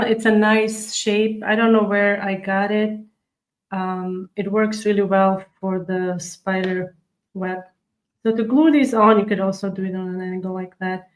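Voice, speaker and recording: A woman's voice: mid-range voice, low-quality recording. Chatty woman hosting a live cookie tutorial. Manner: chatty, demonstrates step by step while reading viewer comments. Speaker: cookie decorating livestream host.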